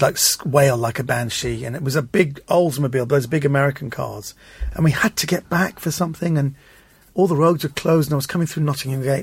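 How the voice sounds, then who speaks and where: A man guest telling animated anecdotes in an interview, acting out the voices of people in his stories. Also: mid-range voice, vocal fry, husky, dry recording. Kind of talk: anecdotal storytelling.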